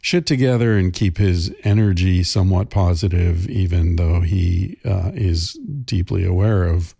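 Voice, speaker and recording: A man's voice: deep voice, unhurried, gravelly, warm tone, husky, no echo, clean studio sound. A middle-aged man hosting a podcast, talking casually in a thoughtful, rambling way with many fillers and restarts. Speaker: podcast host. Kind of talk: casual monologue.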